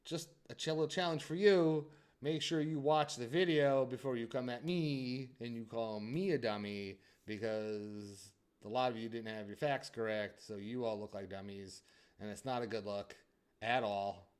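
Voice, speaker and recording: A young man hosting a hockey channel, giving casual sports commentary and teasing his viewers, swinging between loud hype and quiet asides. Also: mid-range voice, steady tone, moderate pace, clear, resonant tone.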